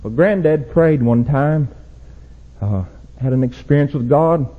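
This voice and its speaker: Husky-voiced preacher man shouting sin warnings. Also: unhurried. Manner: rises to loud shouted exhortation, drops low and quiet. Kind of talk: sermon. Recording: dull lo-fi church recording.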